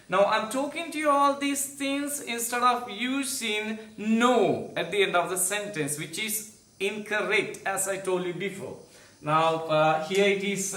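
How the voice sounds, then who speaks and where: A man teaching an online English grammar lesson, explaining slowly with many "uh" fillers, then saying example sentences with clear rising and falling intonation. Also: sits high, lively intonation, sharp tone, echoey room.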